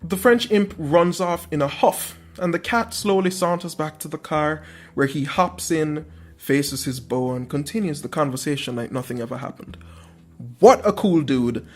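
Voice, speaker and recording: A young man with a slightly high voice hosts a podcast and retells a dream for laughs. His delivery is wry and self-mocking, full of theatrical asides. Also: normal speed, darkish tone, faint music behind. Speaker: podcast host.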